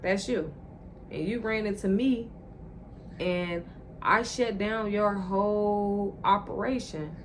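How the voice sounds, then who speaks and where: Animated, profane woman telling a story. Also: mid-range voice, slow pace, slight background noise. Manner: animated, profane, talks straight to viewers. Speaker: vlogger. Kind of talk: casual storytime monologue.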